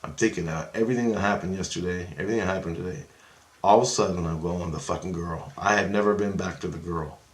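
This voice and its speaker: A man with a somewhat low voice tells a long, rambling story, swearing often and getting worked up as he goes. He slips into the voices of the people in it, and his voice rings around an echoey room. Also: fast talker. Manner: profane, agitated, acts out voices in his story. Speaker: vlogger recounting astral travel. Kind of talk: rambling first-person storytelling.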